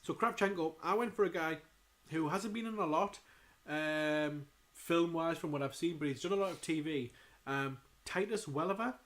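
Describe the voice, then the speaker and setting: A man co-hosting a podcast, chatting casually and throwing in quick jokes. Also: on the high side, a bit bright. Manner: chatty, jokey, quick asides. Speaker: podcast co-host. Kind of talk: casual chat.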